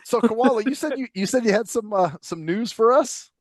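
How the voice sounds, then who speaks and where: A man's voice: extremely high pitch, moderate pace, no echo, clean studio sound. A man hosting a casual podcast chat, joking and laughing often. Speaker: podcast host.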